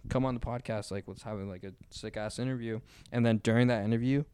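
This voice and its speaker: A man's voice: medium pitch, steady tone, quick pace, darkish tone, clear, resonant tone, dry recording. A young man joking around as a guest on a casual podcast, crude and loose.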